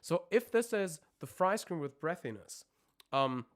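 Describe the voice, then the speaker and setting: A man coaching singers on a live stream. He talks haltingly, searches for words, and breaks off to demonstrate screams and vocal sounds. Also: on the high side, big pitch swings.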